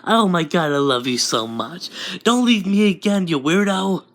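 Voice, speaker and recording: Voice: mid-range voice, animated, voice pushed up, natural voice. A narrator voicing an overexcited alien woman who gushes over a long-lost friend. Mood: gushing. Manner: gushing, clingy, fast emotional outbursts.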